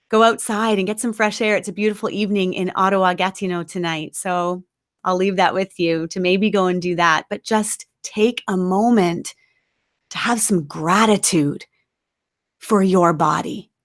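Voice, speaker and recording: A woman giving an encouraging, emphatic webinar talk as a nutrition coach, at times guiding a slow breathing exercise. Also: medium pitch.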